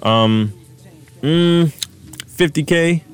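A man's voice: on the high side, drawn-out words, clean tone. A young man co-hosting a podcast, chatting casually with a joking, slangy manner and explaining things at length. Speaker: podcast co-host. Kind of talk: casual chat.

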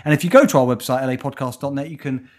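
A man's voice: mid-range voice, racing, a little mellow. A man co-hosting a comedy podcast, teasing and sweary, with theatrical sign-offs. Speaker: podcast co-host. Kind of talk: casual comedy chat.

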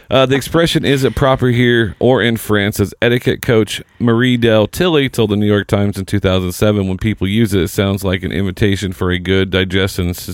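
Low-voiced man joking through a list. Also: dry recording, clean studio sound. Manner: reads list aloud with joking asides, swears casually. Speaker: co-host. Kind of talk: casual podcast chat.

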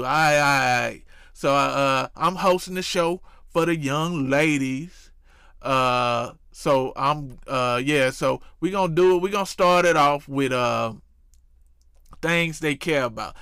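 Hesitant, slangy man with a crisp, bright voice. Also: on the high side, lively intonation, unhurried, no echo, studio quality. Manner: hesitant, slangy, repeats himself. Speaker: show host. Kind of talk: casual chat.

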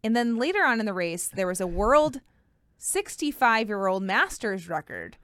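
Smooth-voiced woman co-hosting a running podcast. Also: medium pitch, big pitch swings, moderate pace, fairly bright tone, no room sound. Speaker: podcast co-host. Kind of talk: casual news chat.

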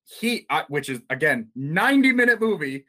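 A man co-hosting a podcast in casual chat, excitable and laughing often, swearing freely. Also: a little high, normal speed. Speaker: podcast co-host.

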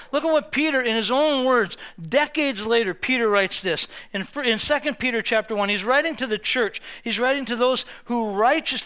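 An older man preaching a lively sermon, telling stories with acted-out voices and humor, often restarting and repeating words. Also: extremely high pitch. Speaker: pastor.

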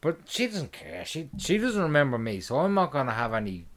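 A man's voice: a little high, very animated, fairly quick, a bit bright. A man in casual chat, joking crudely and swearing freely as he swaps travel stories.

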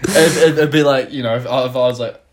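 A man casually chatting on a podcast, swearing freely and acting out quotes with sudden loud outbursts. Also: medium pitch, brisk. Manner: animated, swears a lot, acts out quotes in loud voices. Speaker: podcast co-host. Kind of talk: casual chat.

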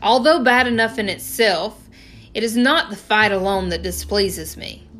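A woman reads out a severe, strict father in an audiobook, middle-aged and lawyerly, speaking in formal, clipped sentences that come out loud and forceful. Her voice sits mid-height, with faint music underneath. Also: medium pitch, measured pace, lightly acted. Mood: stern.

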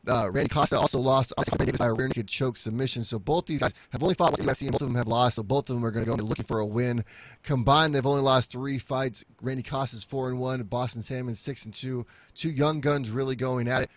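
A man co-hosting a casual sports podcast, running through upcoming fights quickly and swearing now and then with an easy laugh. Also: mid-range voice, fairly even intonation, slight background noise. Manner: brisk fight rundown, swears, laughs easily. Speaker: podcast co-host previewing fights.

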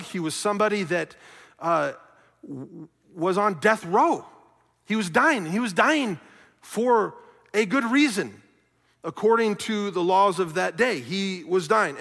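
A man preaching a sermon as pastor, earnest, swinging from loud questions to quiet, soft passages. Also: sits high, vocal fry, long reverb tail. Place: church sanctuary.

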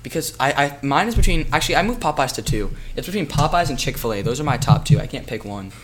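A young man co-hosting a podcast, loud and heated, insisting and repeating his points in casual banter. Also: on the high side, lively intonation, fast, a little hiss or hum. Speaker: podcast co-host.

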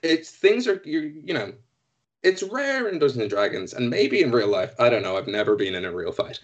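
A man's voice: mid-range voice, big pitch swings, fairly quick, highs cut off. A man narrating as game master of a tabletop game, rambling and self-deprecating, with lots of fillers.

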